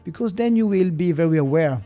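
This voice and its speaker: Swiss German-accented male guest, slightly high voice, unhurried and explanatory. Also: lo-fi sound, faint music behind. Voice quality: searches for words, mixes in German. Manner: calm, explanatory, hesitant. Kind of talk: reflective podcast conversation.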